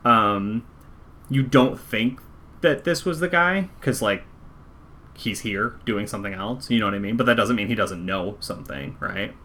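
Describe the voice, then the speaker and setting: A man running a tabletop game as game master. His talk is casual and full of fillers as he describes the scene. His voice is low but bright. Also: normal speed, a little hiss or hum. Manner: casual, filler-heavy, conversational.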